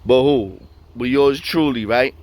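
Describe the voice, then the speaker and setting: A man's voice: mid-range voice, measured pace, a little mellow. A man telling a story in a casual way, full of street slang and acting out the voices of the people in it.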